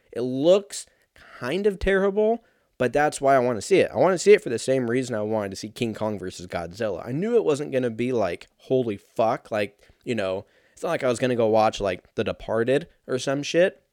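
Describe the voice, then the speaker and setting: A man's voice: fairly low pitch, a little mellow, dry recording, clean studio sound. A man in his thirties in casual solo commentary, rambling and sarcastic, swearing often and laughing at his own jokes. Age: 30s.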